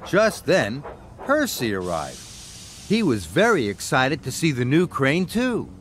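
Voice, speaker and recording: An American man narrating a children's story in an expressive storyteller manner. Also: mid-range voice, a little slow, a little hiss or hum.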